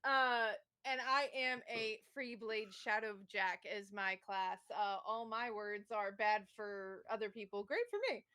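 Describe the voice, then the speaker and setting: A woman's voice: medium pitch, fairly even intonation, unhurried, hardly any pauses, pushed and bright, smooth. A woman chatting as a tabletop game player, with dry, teasing humor. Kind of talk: casual chat.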